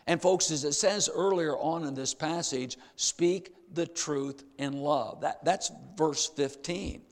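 A man's voice: fairly high pitch, creaky, in a large hall. An older man preaching a sermon, emphatic, repeating key phrases and speaking straight to the congregation.

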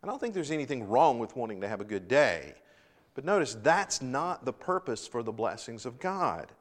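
A middle-aged male pastor delivers an earnest sermon, letting his voice rise for emphasis and fall back to a quiet, reflective tone. His voice carries a long reverb tail from a large hall. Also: mid-range voice, sing-song. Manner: earnest preaching with swells of emphasis and dramatic pauses.

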